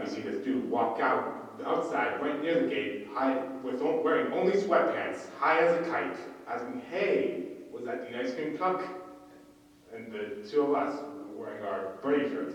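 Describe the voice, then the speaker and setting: A young man telling a story on a convention panel, rambling and restarting often. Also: medium pitch. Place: large convention panel room. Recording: echoey hall, far from the mic, dull sound.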